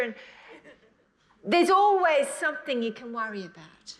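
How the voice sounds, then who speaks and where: A middle-aged woman preaching a sermon, earnest and emotional, rushing ahead in bursts, then slowing to soft, drawn-out emphasis. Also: high-pitched, big pitch swings.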